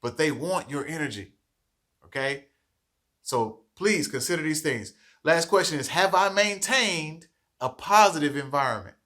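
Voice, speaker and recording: A man's voice: a little high, lively intonation, unhurried, pushed and bright. A man giving a training talk to childcare teachers, earnest and coaching, often checking in with "okay?".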